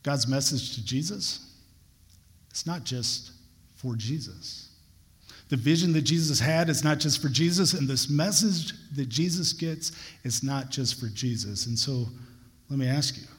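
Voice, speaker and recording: A man's voice: mid-range voice, a little slow, pauses often. A young adult man preaching a sermon, telling a personal story with earnest, building emphasis. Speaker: pastor. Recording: long hall reverb.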